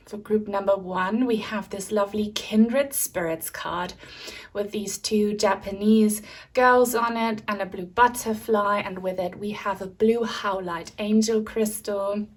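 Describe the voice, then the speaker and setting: Gentle woman tarot reader, slow and soothing, mid-range pitch, slightly breathless. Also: steady tone. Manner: gentle, soothing, open-hearted delivery. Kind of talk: pick-a-card tarot reading.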